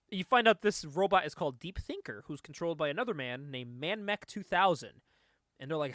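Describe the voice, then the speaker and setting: A man with a fairly high voice hosts a comic book podcast, talking through a story in a loose, rambling way. He laughs often and swears casually as he goes. The sound is dry, with no room echo. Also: animated, normal speed, fairly bright tone. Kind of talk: casual comic review chat.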